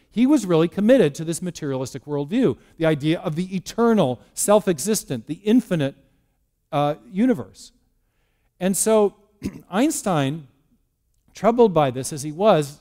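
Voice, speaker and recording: In a church hall, a man gives a science-and-faith lecture, framing it as a story full of restarts and rhetorical questions. His voice is high-pitched with a darkish tone.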